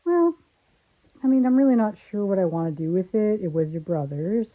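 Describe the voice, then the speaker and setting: A woman's voice: mid-range voice, lively intonation, brisk. A woman, an adult daughter in casual family chat at home, teasing and laughing often. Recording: tinny phone-like sound.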